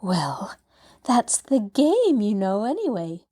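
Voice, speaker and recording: Woman doing an eager little girl, bright and earnest, bouncy pitch. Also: big pitch swings, slow.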